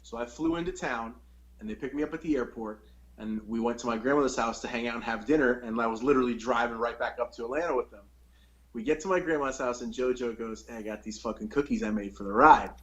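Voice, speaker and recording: A man's voice: medium pitch, fast talker, muffled recording. A young man hosting a podcast, telling a long story in a rambling, profane, casual way. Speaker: podcast host.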